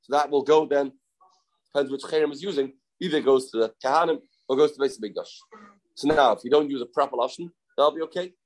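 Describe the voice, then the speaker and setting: A man's voice: mid-range voice, steady tone, fast, low-quality recording. A man teaching a daily Talmud class informally. He explains step by step, repeats key phrases and asks rhetorical questions.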